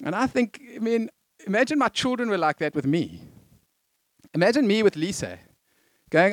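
A middle-aged man preaching a conversational sermon, with jokey asides and lively emphasis. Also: high-pitched, moderate pace, long pauses, dry recording.

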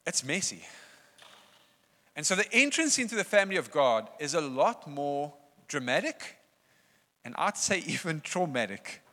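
A man preaching a sermon in a conversational, animated way, often laughing. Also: a little high. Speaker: pastor. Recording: long reverb of a church hall.

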